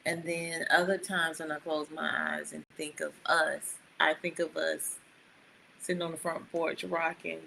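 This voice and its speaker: A woman's voice: low-pitched, level tone, vocal fry, sharp tone, a little hiss or hum, low-quality recording. A woman who co-hosts a podcast, chatting casually and affectionately with her husband, often answering him with short replies. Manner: brief backchannels, slow and laughing. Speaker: podcast co-host.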